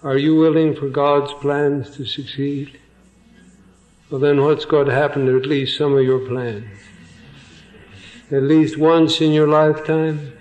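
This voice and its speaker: Slow, deliberate male preacher. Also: on the high side, little pitch movement, a little mellow, highs cut off. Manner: slow and deliberate, repeats phrases for emphasis; reads a passage aloud, then preaches and questions the listeners. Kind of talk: sermon. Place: evening church meeting.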